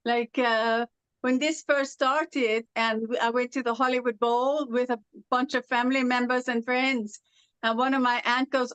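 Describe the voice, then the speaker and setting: A woman's voice: a little high, level tone, moderate pace, fairly bright tone, smooth, no room sound, poor audio. A woman from Southern California who speaks with a foreign-sounding accent, giving Irish-like R's in some words, with a sing-song lilt, chatting as a guest and telling stories with plenty of fillers. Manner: chatty storyteller, with frequent fillers. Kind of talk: casual conversation.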